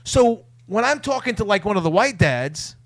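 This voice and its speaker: A man's voice: sits high, moderate pace, dry recording. A man telling stories in casual, crude banter as a podcast co-host, often mimicking other people's voices. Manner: animated storyteller, mimics voices.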